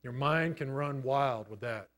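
A middle-aged man preaching a sermon, telling a personal story in a conversational way with many pauses. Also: medium pitch, a bit bright. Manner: storytelling, conversational, pausing often. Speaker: pastor.

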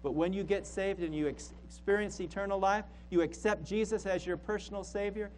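A man's voice: high-pitched, fairly even intonation, a little fast, darkish tone, slight background noise, rough recording. A man preaching a sermon as a pastor, emphatic and repeating key phrases for stress.

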